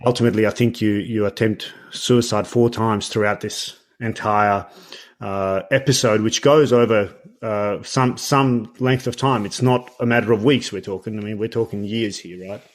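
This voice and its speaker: A man's voice: on the low side, fairly even intonation, moderate pace. A man hosting an interview, framing his questions hesitantly and repeating words as he works his way to the point. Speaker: podcast host. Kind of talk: interview conversation.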